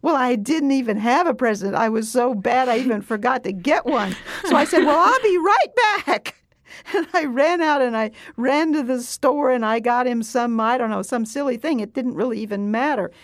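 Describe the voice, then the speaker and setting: A woman scientist recounts a story in an animated way, with laughter slipping in. Her voice sits a bit high for a woman and sounds close and dry, with no room around it. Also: normal speed, few pauses, no echo. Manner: animated, laughs while telling. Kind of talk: storytelling in conversation.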